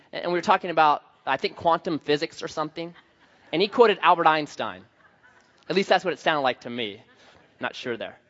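A man preaching a sermon, opening with a scripture reading and a prayer, then telling a lively story about his young son and acting out the child's voice. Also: big-room sound, muffled recording. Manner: animated storyteller, acts out a child's high voice in quotes. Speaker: pastor.

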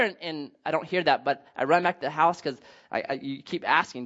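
A man in his thirties telling a personal family story as a sermon, animated and self-deprecating, acting out the voices of his family. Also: a little high, a little fast, highs cut off.

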